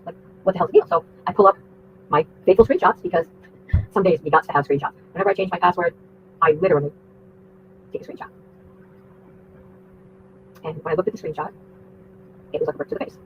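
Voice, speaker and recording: A woman rants her way through a long story on a livestream, rambling and profane. She talks quickly. Her voice comes through a tinny, phone-like line with a faint hiss behind it. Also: on the low side.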